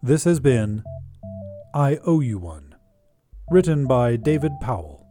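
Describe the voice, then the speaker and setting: A man narrates a short fiction story in a mellow, warm voice. His delivery is lively and expressive, with a wide melodic range. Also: medium pitch. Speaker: podcast host and narrator.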